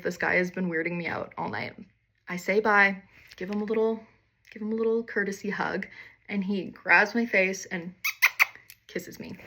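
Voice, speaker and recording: Bright-voiced young woman telling a story. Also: medium pitch. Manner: candid, wry, swears freely, self-mocking. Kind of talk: casual storytime monologue.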